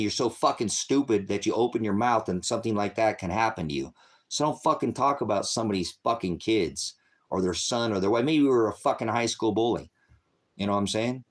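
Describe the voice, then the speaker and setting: A man's voice: mid-range voice, lively intonation, a little fast. A middle-aged man hosting a faith channel, delivering an angry, profane, rambling rant to his viewers.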